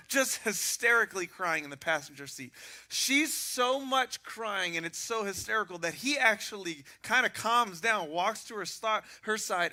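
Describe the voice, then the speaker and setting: A pastor delivers his sermon in a high voice with a very bright, sharp edge. He tells animated stories and pokes fun at himself along the way. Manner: animated storytelling with self-mocking humor.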